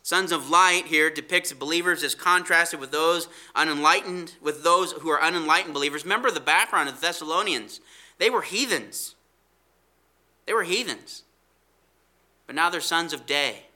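Bright-voiced man teaching an emphatic sermon. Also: a little high. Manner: emphatic, slows down to stress scripture quotes; asks rhetorical questions. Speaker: Bible teacher. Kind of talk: expository sermon.

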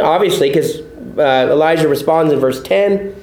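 High-voiced male pastor teaching in an echoey room. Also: normal speed, darkish tone. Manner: explanatory, repeats points, asks the audience questions. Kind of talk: sermon teaching from the pulpit.

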